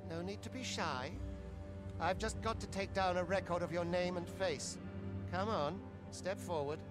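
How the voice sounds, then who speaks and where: A man's voice: high voice, normal speed, music in the background, lightly acted. A man voicing a male prison guard who coaxes and presses prisoners with questions. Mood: coaxing. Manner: coaxing, insistent questioning.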